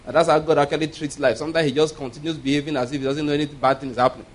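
A man's voice: on the high side, steady tone, racing. A man preaching a sermon, telling a story with frequent chuckles and repeated words.

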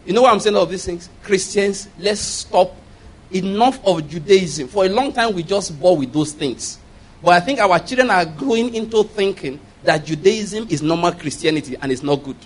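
A man with a notably high voice delivers a sermon. He drives his points home with repeated phrases and call-and-response questions like "It is by what?", pressing the listeners hard. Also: expressive, normal speed, slightly rough. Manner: repeats key phrases for emphasis. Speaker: preacher.

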